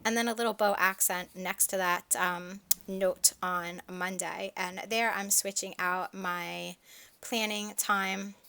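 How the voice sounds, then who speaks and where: A woman's voice: mid-range voice, fairly even intonation, takes it slowly, creaky, sharp tone, smooth. A young woman narrating her planner video in a chatty, enthusiastic, rambling voice-over. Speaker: planner vlogger.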